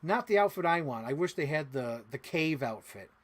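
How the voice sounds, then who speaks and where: Excitable, rambling man collector. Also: fairly high pitch, moderate pace. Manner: rambling, excitable, swears freely. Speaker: toy collector vlogger. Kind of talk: casual unboxing chat.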